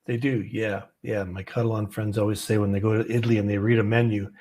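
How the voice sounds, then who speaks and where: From an office, this Canadian host runs a casual live trading stream, rambling chattily with lots of fillers and laughing easily. He talks fast in a lowish, flat, darkish voice, and there's a little hiss or hum.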